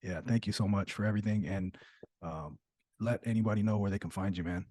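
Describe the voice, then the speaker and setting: A man with a lowish, mellow voice hosts a podcast and talks in a relaxed, appreciative, informal way. The recording is dry and close. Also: fairly quick, slightly rough, no echo. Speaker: podcast host. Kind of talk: casual interview wrap-up.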